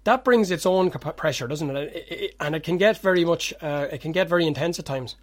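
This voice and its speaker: Irish guy hosting a podcast, rambly questions, talks fast, slightly high voice. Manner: rambling questions with many restarts. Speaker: podcast host. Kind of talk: casual podcast interview.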